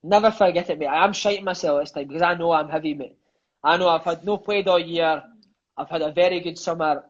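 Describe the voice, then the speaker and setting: A Scottish man and former footballer telling lively, profane stories in an interview, calling everyone "mate". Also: fairly high pitch, brisk, lo-fi sound. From Scotland. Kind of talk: storytelling interview chat.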